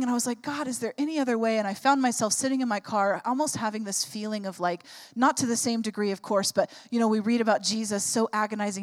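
A woman in her thirties, a pastor preaching a sermon, telling a personal story and building to fervent exhortation. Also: on the high side.

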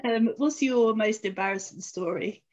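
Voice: mid-range voice, normal speed. An interviewer asking short casual questions, laughing often. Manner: giggly, asks short questions.

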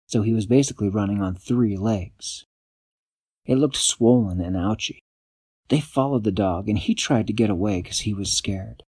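A man improvising a bedtime story for a child, in an animated, playful way. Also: on the low side, normal speed, husky, no room sound.

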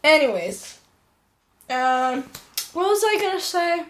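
Woman interviewer, high childlike voice, playful deadpan teasing. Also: slow pace, slight background noise.

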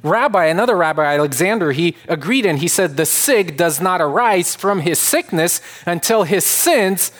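Earnest preaching man, rising to loud peaks. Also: high-pitched, expressive, moderate pace, hardly any pauses. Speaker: pastor. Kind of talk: sermon.

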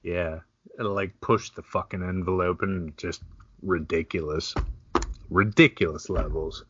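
A man's voice: sits low, steady tone, measured pace, noisy background. A man co-hosting a podcast in laid-back, profane casual chat, laughing often. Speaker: podcast co-host. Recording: dull lo-fi sound.

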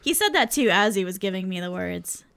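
A woman's voice: mid-range voice, lively intonation, brisk, vocal fry, fairly bright tone, smooth. A woman co-hosting a podcast, talking in a loose, chatty, informal way. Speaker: podcast co-host. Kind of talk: casual chat.

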